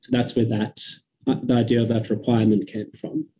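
A man from South Africa giving a measured, careful briefing to a parliamentary committee over a video call. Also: mid-range voice, flat delivery, dark tone, husky, rough recording. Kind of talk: formal briefing.

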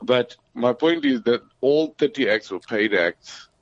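A man with a South African accent, a comedian guest on a podcast, chatting casually, lively and restarting his sentences. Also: medium pitch, unhurried, dry recording, dull audio.

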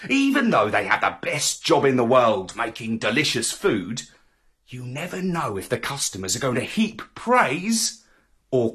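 A man narrating a children's story in an expressive, theatrical way. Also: mid-range voice, slightly rough. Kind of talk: scripted narration.

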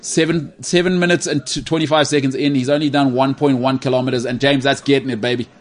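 A man's voice: medium pitch, fast talker. Male podcast host, teasing, casual banter. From South Africa. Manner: teasing, joking, animated.

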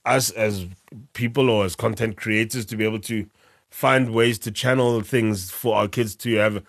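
A man's voice: on the low side, fairly even intonation, moderate pace, creaky, no room sound. Rambling South African man, dry close sound. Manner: rambling, self-correcting, laughs often. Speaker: podcast co-host. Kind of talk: casual chat.

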